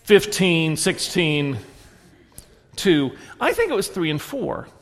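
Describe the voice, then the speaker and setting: A man preaching in a church, telling stories and swinging between soft reflective moments and animated punchlines. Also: on the high side, slow pace, long reverb tail. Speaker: pastor. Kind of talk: sermon. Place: church sanctuary.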